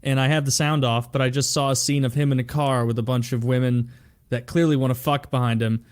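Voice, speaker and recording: A man's voice: mid-range voice, fairly even intonation, brisk. A man co-hosting a podcast, making wry jokes in casual chat. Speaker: podcast co-host.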